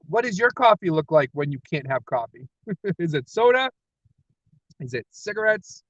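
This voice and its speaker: An upbeat man chats on a solo livestream from inside his car, full of energy, laughing at himself as he goes. His voice sits a little high, and the sound is dry and close, slightly dull. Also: dry recording. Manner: energetic, laughs often, self-deprecating. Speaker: comic creator livestreaming. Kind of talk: rambling solo livestream chat. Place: parked car.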